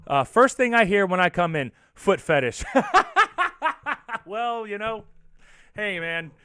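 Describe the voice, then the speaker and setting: A man hosts his own show in loose livestream chat, rambling from one thought to the next and reacting to viewers with profane, animated energy. His voice sits a little high for a man, swings widely in pitch and has a sharp, bright edge. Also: takes it slowly, clear, resonant tone, no echo, clean studio sound. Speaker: show host.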